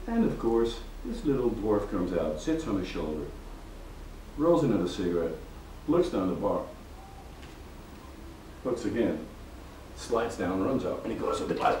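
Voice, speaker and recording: A man tells a joke with lively storytelling in a fairly low voice, getting loud when he quotes people. He sits back from the mic, and the room echoes around him with a faint background hum. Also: distant mic. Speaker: joke teller. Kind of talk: telling a joke. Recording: roomy, from off mic, faint ambience.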